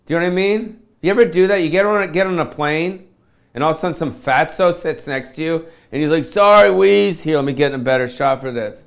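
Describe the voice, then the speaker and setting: A man's voice: fairly high pitch, fast. A man doing a self-pitying comedic rant to camera, swearing constantly in slangy surfer-dude talk. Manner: profane, self-pitying, ranting.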